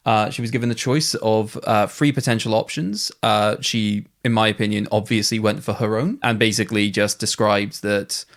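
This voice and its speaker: A man's voice: fairly low pitch, steady tone, moderate pace, few pauses. A man co-hosting a casual film podcast, rambling and correcting himself as he talks. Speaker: podcast co-host.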